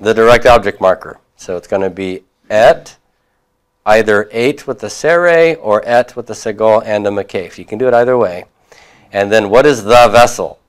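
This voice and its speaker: A man's voice: on the low side, moderate pace, clear, resonant tone. A man teaching a class, reviewing homework and prompting students with questions, with occasional chuckles.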